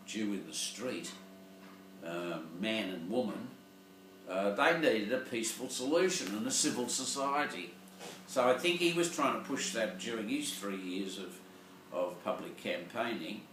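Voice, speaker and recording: A man's voice: lowish voice, a bit bright, a little hiss or hum. An older man, a Catholic priest giving a rambling, digressive Sunday reflection and often searching for words. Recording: echoey room, voice from far off.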